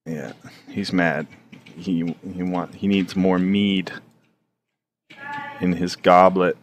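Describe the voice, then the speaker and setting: Slow, deep-voiced man rambling while drawing. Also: flat delivery, a little hiss or hum. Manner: rambling, profane, halting with many fillers. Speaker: streamer drawing on stream. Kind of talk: casual running commentary while drawing.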